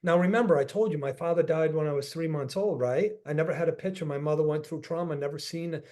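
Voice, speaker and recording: Man, real estate coach on a video call, earnest storyteller, slightly high voice, repeats himself. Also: quick pace, a little mellow. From northeastern US. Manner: earnest, repeats phrases, restarts sentences. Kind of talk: motivational storytelling on a group call.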